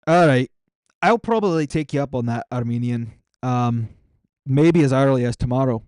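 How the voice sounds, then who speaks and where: A man's voice: mid-range voice, normal speed, a little mellow, smooth, no echo, studio quality. A young man streaming a game, rambling casually and answering his chat as he signs off. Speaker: gaming streamer.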